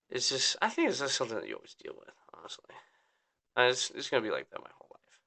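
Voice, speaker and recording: A man's voice: mid-range voice, animated, fairly quick, pushed and bright. A young man hosting a podcast, rambling and venting in a downbeat casual rant, swearing often and saying "like" constantly. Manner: rambling, swears a lot, full of "like". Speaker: podcast host.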